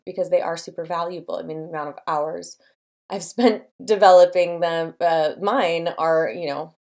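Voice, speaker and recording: A woman's voice: lowish voice, darkish tone. A young adult woman hosting her own channel, giving encouraging, chatty business advice to camera with many fillers. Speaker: design studio owner and channel host.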